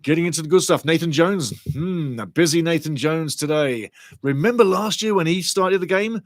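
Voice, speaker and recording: A man hosts a live football watchalong, his voice sitting a little high. He chats in an excitable, loose way and swears casually. The recording is close and dry, with no room sound. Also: normal speed, dry recording. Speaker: watchalong host. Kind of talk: live fan commentary and chat reading.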